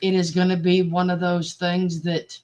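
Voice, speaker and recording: A woman's voice: lowish voice, completely flat delivery, moderate pace, a little mellow. Subdued woman chatting. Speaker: panel co-host. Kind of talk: casual chat.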